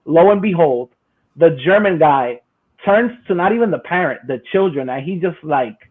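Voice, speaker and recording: High-voiced man telling stories over a tinny line. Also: expressive, normal speed. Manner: laughing, rambling storyteller with many restarts. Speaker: podcast co-host. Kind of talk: casual storytelling chat. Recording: phone-like narrow band.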